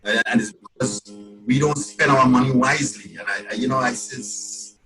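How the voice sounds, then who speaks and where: A Trinidadian man talks through his songs in an easy, animated interview voice, often stumbling over repeated words as he builds a story. His pitch is mid-range for a man, and music plays clearly underneath him. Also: moderate pace, low-quality recording. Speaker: calypsonian guest. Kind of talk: casual interview talk.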